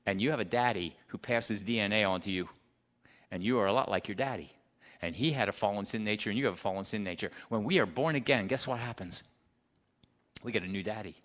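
A man preaching a sermon, emphatic, swinging between loud declarations and hushed asides and asking the congregation questions. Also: fairly low pitch, quick pace. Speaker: pastor.

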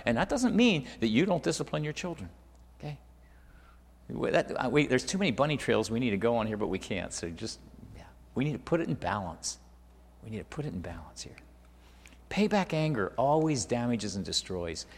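A middle-aged man preaching a sermon, swinging from loud emphatic peaks to hushed near-whispers and repeating words as he finds his next thought. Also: medium pitch, very animated, brisk, big-room sound. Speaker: pastor.

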